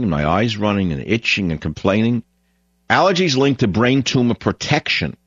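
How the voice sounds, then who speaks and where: A man's voice: mid-range voice, sing-song, moderate pace, gravelly, a bit bright, breathy edge, no room sound, highs cut off. A man hosting a radio talk show, delivering a blunt, opinionated, rambling monologue.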